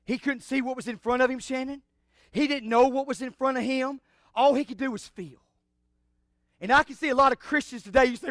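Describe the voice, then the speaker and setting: A man preaching an impassioned sermon, shouting out exclamations, then dropping to hushed asides. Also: extremely high pitch, fairly quick, dry recording, clean studio sound. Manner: call-and-response exclamations. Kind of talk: fiery sermon.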